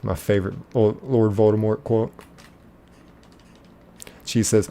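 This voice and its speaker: A man hosting a live game stream, chatting casually and reading out viewer comments in a relaxed, friendly way. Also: on the low side, takes it slowly.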